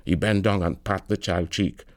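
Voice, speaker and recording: A man's voice: low-pitched, steady tone, normal speed, dry recording, clean studio sound. A man reading literary fiction aloud in a wry, lilting storytelling manner. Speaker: narrator.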